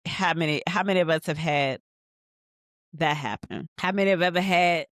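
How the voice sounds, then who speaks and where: A woman's voice: fairly low pitch, normal speed, a bit bright, no echo. Woman host, chatty slangy recapper, loose restarts, dry close sound. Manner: chatty, slangy, swears freely, restarts sentences. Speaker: rewatch podcast host. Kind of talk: casual TV recap commentary.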